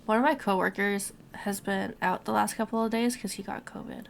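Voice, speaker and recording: Give me a chatty young woman streamer with a gravelly, fried voice, mid pitch, casual and rambling. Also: steady tone, a little fast, slight background noise. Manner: chatty, rambling, swears casually, talks to her cat and chat.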